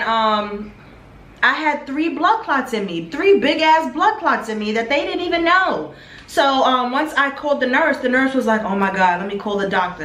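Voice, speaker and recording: A woman's voice: on the high side, a bit bright. Candid young woman telling a story. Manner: candid, emotional, blunt with swearing. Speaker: vlogger. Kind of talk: casual storytime vlog. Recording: echoey room, faint background hum.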